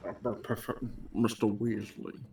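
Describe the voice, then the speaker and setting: A man's voice: fairly low pitch, flat delivery, a little slow, creaky, dark tone, distant mic. A man chatting casually while playing a game with friends, teasing and joking. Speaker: co-player.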